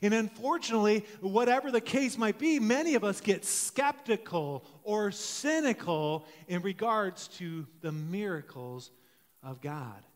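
A man in his forties gives a conversational sermon in a high voice. He tells stories in a relaxed way and often stops to correct himself. The sound carries the long reverb of a church hall. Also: unhurried. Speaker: pastor. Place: church sanctuary.

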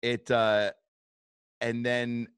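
A man's voice: mid-range voice, little pitch movement, very slow, a bit bright, smooth, dry recording. A man hosting a podcast, telling a story casually, swearing often and acting out what people said with bursts of laughter. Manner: swears a lot, acts out quotes, laughs often. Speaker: podcast host.

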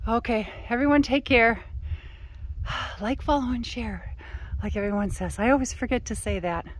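A woman's voice: fairly high pitch, moderate pace. A woman filming a casual vlog outdoors on a mountaintop, slightly out of breath and chatting to her viewers on a handheld camera. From Arizona. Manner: chatty, talks to her dog. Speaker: vlogger.

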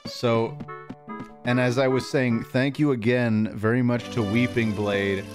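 A man's voice: mid-range voice, a little slow. A man streaming a video game, chatting casually and answering his viewers as he plays. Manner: relaxed, chatty, reads and answers chat. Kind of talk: casual live-stream gameplay chat. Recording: game music behind the voice.

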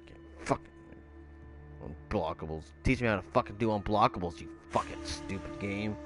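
A man swearing nonstop at a video game while he plays, sliding from low grumbling into loud outbursts. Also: steady tone, normal speed, faint music behind. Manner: profane, swears constantly at the game; explodes into shouting when frustrated. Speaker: gamer. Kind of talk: raging gameplay commentary.

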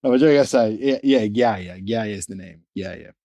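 Halting, low-voiced man searching for words. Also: dark tone, no echo. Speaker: guest, brand founder. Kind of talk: casual conversation.

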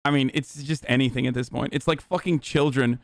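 A man's voice: medium pitch, fairly even intonation, fairly quick, dry recording. A man in his thirties hosting a live stream, commenting in a sarcastic, profane and rambling way. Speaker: political streamer host.

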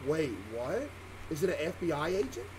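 A man streaming a horror game, excitable and stammering as he talks to his chat. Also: fairly high pitch, normal speed, background noise. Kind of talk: live horror gameplay commentary.

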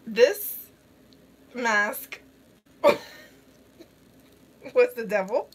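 A woman's voice: a little high, sing-song, extremely slow, a bit bright, husky. Giggly young woman chatting casually. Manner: giggly, chatty, reacting to a movie and to chat. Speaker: beauty vlogger. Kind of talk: casual chat while wearing a face mask.

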